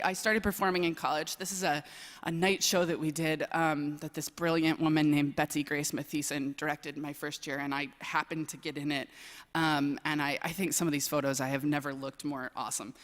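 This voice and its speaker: Long reverb fills this recording of a young woman from southern Wisconsin speaking in a large chapel at a college service. A speech coach with a low voice and fairly bright tone, she gives a playful, self-deprecating personal talk with plenty of "um"s.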